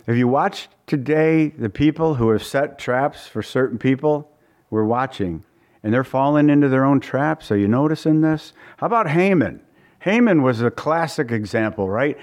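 Folksy man preaching a conversational sermon. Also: mid-range voice. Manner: folksy, repeats words, asks the listeners rhetorical questions. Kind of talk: conversational Bible-study sermon.

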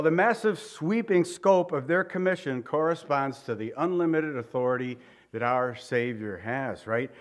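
A man preaching a sermon as pastor, reading scripture aloud, praying and talking to his congregation in an earnest, conversational way. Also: a little high. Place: church room.

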